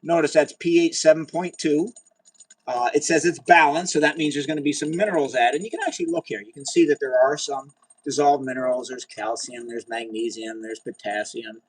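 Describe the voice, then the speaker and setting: A man hosting a casual livestream of chemistry experiments. He chats with viewers and cheers loudly when a result goes his way. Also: medium pitch, fairly quick, breathy edge, rough recording. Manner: chatty and excitable, talks to viewers, cheers at results. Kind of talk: casual live science demo.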